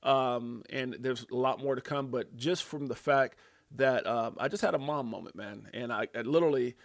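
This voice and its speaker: A middle-aged man from Brooklyn hosting a live crypto market show, talking in excitable bursts with slang and lots of repeats. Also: mid-range voice, moderate pace, creaky, no room sound, clean studio sound. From Brooklyn, USA. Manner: excitable, loud bursts of hype, slang, frequent repeats and laughs. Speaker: host.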